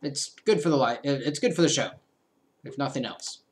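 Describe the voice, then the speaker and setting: A man's voice: mid-range voice, animated, normal speed. A young man hosting a let's play, giving casual, playful commentary that trails off into mumbled asides.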